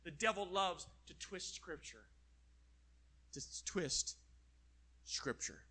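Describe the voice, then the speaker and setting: A man's voice: sits high, animated, slow, bright, forceful tone, breathy edge. A man preaching a sermon, acting out quoted voices and dropping to a near whisper at times.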